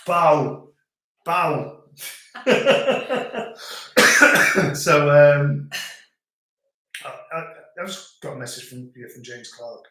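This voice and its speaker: A man's voice: fairly high pitch, fairly even intonation, measured pace. A middle-aged man from England with a Northern English accent, chatting casually and rambling on a family live stream. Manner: chatty, rambling, repeats words. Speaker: host. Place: family home in rural France. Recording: very echoey room.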